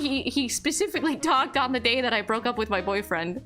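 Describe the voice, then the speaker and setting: Bright-voiced young woman streamer rambling. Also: a little high, animated, fairly quick, few pauses, faint music behind. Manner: rambling, full of "like" and "you know what I mean". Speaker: livestreamer. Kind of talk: casual storytelling chat.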